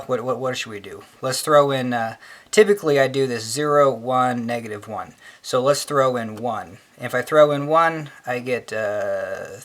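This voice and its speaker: A man at an ordinary middle pitch explains a logic puzzle in loose, rambling fashion. He fills his talk with ums and side tangents, and keeps cheering himself on. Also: fairly bright tone. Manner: chatty, filler-heavy, says "hell yeah" a lot. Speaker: math tutor.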